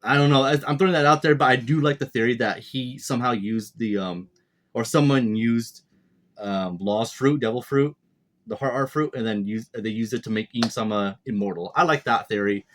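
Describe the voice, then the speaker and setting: A man's voice: medium pitch, moderate pace. A man casually reviewing a comic chapter, rambling and speculating aloud with many fillers and restarts. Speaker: manga reviewer. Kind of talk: casual commentary.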